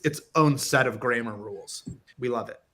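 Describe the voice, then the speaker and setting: A man's voice: mid-range voice, moderate pace, a bit bright. A man co-hosting a casual talk show, joking and laughing often as he reacts to comments. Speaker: co-host. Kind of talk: casual podcast chat.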